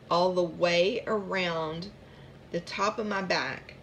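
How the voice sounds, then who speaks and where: Gravelly-voiced woman telling her story. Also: on the low side, fairly even intonation, slow, slight background noise. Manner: rambling, chatty, with fillers and asides. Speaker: vlogger sharing her chronic pain story. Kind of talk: casual personal storytelling.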